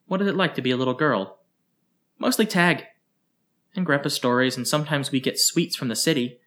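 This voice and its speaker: A bright, chirpy little girl asking question after question in a raised, eager voice, put on by a male storyteller. Her lines come out high and quick. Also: close to an everyday voice.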